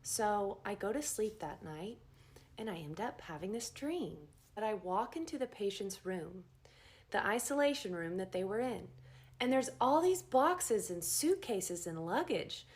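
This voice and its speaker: A woman nurse telling a story in a casual first-person way, animated and acting out the dialogue. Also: a little slow. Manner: animated, acts out quoted dialogue with big pitch jumps.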